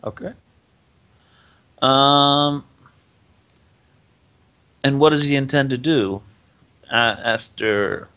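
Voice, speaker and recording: A man playing a tabletop game, working out his moves aloud with hesitant starts and trailing phrases. His voice sits at a middle pitch and comes through dull and lo-fi. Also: very slow, long pauses, bright, forceful tone, clean tone. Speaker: player. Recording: dull lo-fi sound.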